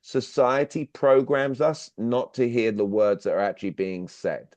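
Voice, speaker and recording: A man's voice: mid-range voice, fairly even intonation, a little slow, darkish tone, dry recording. A man leading an online sales workshop, talking directly and drilling his listeners with questions. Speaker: workshop speaker. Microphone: video call. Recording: dull, dry video-call audio.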